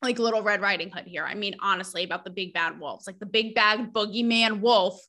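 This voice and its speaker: Bright-voiced, blunt young woman podcaster. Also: mid-range voice. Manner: blunt, sarcastic, animated, quick asides. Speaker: podcast host. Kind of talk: casual opinionated monologue.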